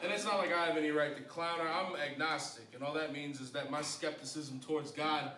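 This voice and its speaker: A man in his thirties doing a stand-up comedy set, wry and self-deprecating, jumping into high voices for punchlines. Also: fairly even intonation, a little fast, pushed and bright. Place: comedy club stage. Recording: echoey club from a distance, hall mic. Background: audience laughter.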